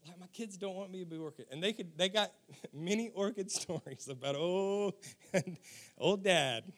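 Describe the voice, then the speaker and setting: A man's voice: high voice, moderate pace, fairly bright tone. A man, preaching a sermon and telling funny stories from his own life, chuckling and talking straight to the audience. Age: 40s. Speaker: pastor. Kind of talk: sermon with humorous personal stories.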